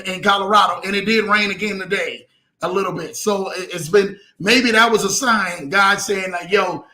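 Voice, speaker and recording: Male host for a live-stream motivational show: high, bright voice, hyped, leans on repeated catchphrases.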